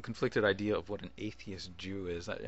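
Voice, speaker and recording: A man with a fairly low voice talks casually into his webcam, rambling through his thoughts. He restarts his sentences often and chuckles along the way. The sound is dull and lo-fi, like a cheap built-in mic. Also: steady tone, brisk, dry recording. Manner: rambling, self-interrupting with chuckles. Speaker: video blogger. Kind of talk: casual video response.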